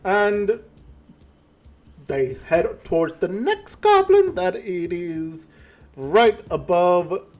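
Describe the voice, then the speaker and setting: A man narrating a tabletop game as game master, halting and full of fillers and self-corrections. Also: sits high, big pitch swings.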